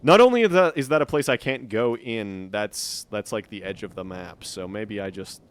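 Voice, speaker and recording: A man's voice: lowish voice, steady tone, normal speed, dry recording. A man streaming live gameplay, chatting and muttering to himself with frequent swearing.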